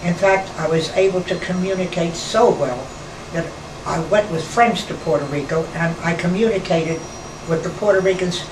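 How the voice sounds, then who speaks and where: A woman in her nineties from New York, reminiscing slowly in a rambling conversation with pauses and restarts. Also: on the low side. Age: 90s. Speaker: interviewee, former nightclub performer. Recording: roomy, distant mic, air-conditioner hum.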